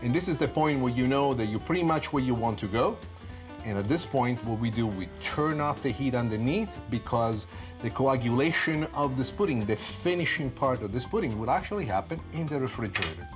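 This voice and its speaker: An Italian-accented man in his sixties talks through a cooking demonstration, chatty and playful, often answering his own questions. His voice sits at a middle pitch. Clear music plays behind him. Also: animated, a little fast. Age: 60s. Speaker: cooking show host. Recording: background music.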